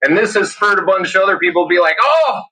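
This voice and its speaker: A man's voice: high-pitched, rapid-fire, low-quality recording. A man co-hosting a podcast in casual talk, ranting with heavy swearing. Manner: ranting, profane, animated. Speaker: podcast co-host.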